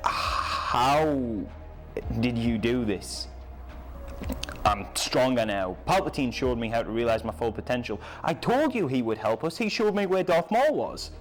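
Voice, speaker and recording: A man voicing a proud, eager young male Jedi who talks in an excited, emphatic way. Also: mid-range voice, a little slow, faint music behind, natural voice.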